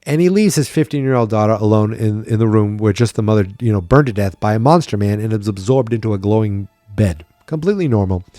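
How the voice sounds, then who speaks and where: A man's voice: on the low side, expressive, fast talker, hardly any pauses, mellow, no echo, studio quality, faint music behind. A tired man hosting a podcast, chatting wryly and thinking aloud in a casual solo recap. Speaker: podcast host.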